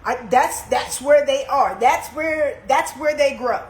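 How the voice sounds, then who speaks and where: A young woman on a live stream, telling a story in casual slang that moves from calm asides to heated outbursts. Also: sits high, unhurried, reverberant, rough recording.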